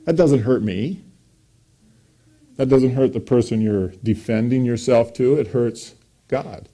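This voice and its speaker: Male pastor, mellow voice, emphatic sermon delivery. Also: a little slow. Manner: emphatic preaching, pitch rising on quoted scripture.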